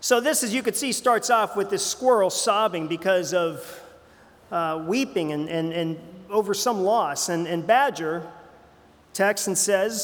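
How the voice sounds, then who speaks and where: A man's voice: high voice, measured pace, a bit bright, big-room sound. A man preaching a sermon as pastor, talking in a conversational way with frequent fillers and restarts, heard in a church sanctuary.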